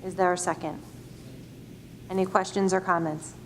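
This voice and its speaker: A woman chairing a school board meeting, reading motions from the agenda in a brisk, procedural way. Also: lowish voice, level tone, slight background noise.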